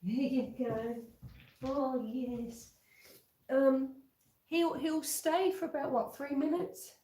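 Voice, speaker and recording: A woman hosting a casual home livestream, chatting slowly with viewers and reading out their comments. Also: sits high, steady tone, dark tone, roomy sound. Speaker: livestream host. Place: home kitchen. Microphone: computer webcam.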